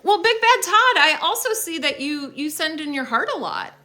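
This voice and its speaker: Young female streamer, phone mic, chatty and upbeat, a bit high-pitched. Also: big pitch swings, normal speed, pushed and bright. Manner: chatty and upbeat, thanking viewers with many fillers. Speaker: livestream host. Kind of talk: casual livestream chat with viewers.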